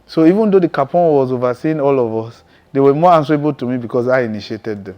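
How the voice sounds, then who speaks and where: A man preaching his testimony in a mid-range voice, neither high nor low. He talks with intense emphasis and punctuates his story with frequent chuckles. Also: lively intonation, fast, highs cut off. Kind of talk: testimony sermon.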